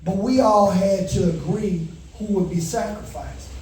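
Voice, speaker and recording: A man doing a stand-up comedy set, telling a story with animated delivery and panicked shouted bits. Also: high voice, measured pace, slight background noise. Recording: echoey venue heard from a distance.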